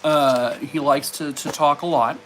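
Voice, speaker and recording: A man's voice: on the high side, fairly even intonation, unhurried, a bit bright, slight background noise. A man on a casual live stream, rambling with lots of fillers and breaking off to talk to his dogs at home. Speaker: live streamer chatting with viewers.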